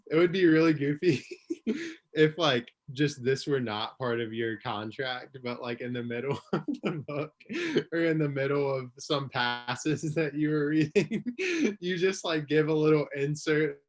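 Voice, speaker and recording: A young man chatting casually as a guest, relaxed, with many fillers and easy laughs. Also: fairly high pitch, unhurried. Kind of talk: casual chat on a livestream.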